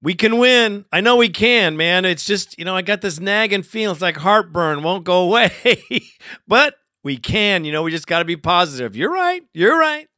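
Man, call-in show host, fired-up and cursing, bright tense voice, high pitch. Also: moderate pace, no room sound, clean studio sound. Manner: animated, profane, fired up.

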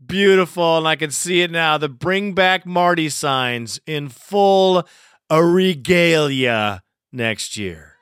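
A man's voice: fairly high pitch, animated, slow pace, fairly bright tone, clear, resonant tone, no room sound, studio quality. A man hosting a fan call-in show, chuckling and bantering loosely with callers. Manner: laid-back, chuckling banter. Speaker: host.

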